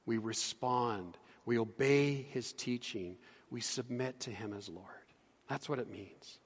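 A middle-aged man, a pastor, preaching a sermon with earnest emphasis that drops to hushed tones. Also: medium pitch, unhurried, husky, long reverb tail. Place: church sanctuary.

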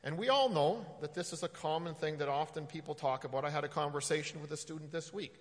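A man giving a conversational sermon as a pastor, halting often with fillers and restarts. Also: fairly high pitch, in a large hall.

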